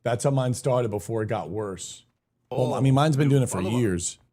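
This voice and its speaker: A man's voice: mid-range voice, moderate pace, mellow. A young man live-streaming a game, chatting casually, greeting viewers by name and swearing now and then in a hyped-up way.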